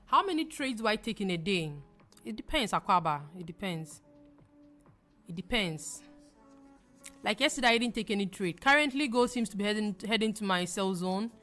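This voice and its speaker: Fast-talking woman hosting a trading livestream. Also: medium pitch, animated, a bit bright, soft background music. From Ghana. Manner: fast-talking, reads comments aloud and answers them. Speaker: forex trading livestream host. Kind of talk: casual livestream chat reading viewer comments.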